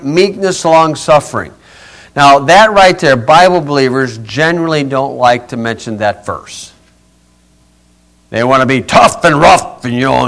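A man's voice: mid-range voice, fairly bright tone. Folksy male preacher teaching scripture. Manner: folksy, chuckling, rambling asides. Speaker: pastor. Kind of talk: informal Bible teaching.

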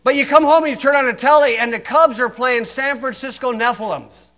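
An older American man preaching a sermon, mocking and sarcastic, swinging from loud emphasis to hushed asides. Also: extremely high pitch, fairly quick.

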